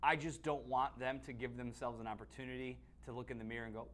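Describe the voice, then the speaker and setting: A man's voice: medium pitch, level tone, fast talker, a bit bright. Blunt opinionated male sports analyst. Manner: blunt, opinionated, frequent restarts. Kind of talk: casual sports talk.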